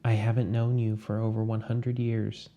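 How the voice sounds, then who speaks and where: A frightened man cornered by someone from his past, voiced by a male storyteller. His voice comes out thready and strained, low and dark, with little rise and fall. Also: level tone, normal speed, highs cut off, natural voice. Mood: fearful. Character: frightened, conflicted man facing a lost love.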